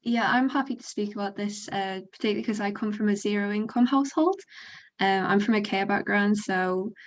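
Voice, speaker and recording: A woman's voice: medium pitch, brisk, slight background noise. A young woman student on a panel, explaining practical matters in an earnest, informative way. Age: young adult. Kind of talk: casual panel discussion.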